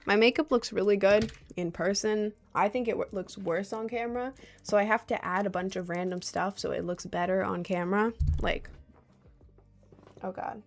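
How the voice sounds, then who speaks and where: A woman's voice: medium pitch, fairly even intonation, normal speed, soft background music. A young woman livestreaming, chatting casually and reading out viewers' comments with frequent laughs. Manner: rambling and giggly, reading out chat.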